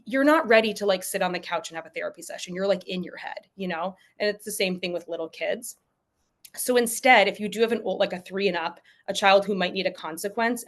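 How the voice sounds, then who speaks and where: A young adult woman giving casual parenting advice over a video call, chatty and full of "like" fillers, sometimes acting out what a parent would say. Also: mid-range voice. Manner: chatty, frequent "like" fillers, acts out parent voices. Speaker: parenting expert speaker. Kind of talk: casual advice talk at a virtual event.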